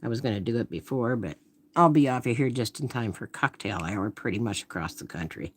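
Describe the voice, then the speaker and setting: Woman artist, casual live-stream chat, thinks aloud and murmurs, lively swooping delivery. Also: rumbling low, brisk. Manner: thinks aloud while painting, trailing off into murmurs.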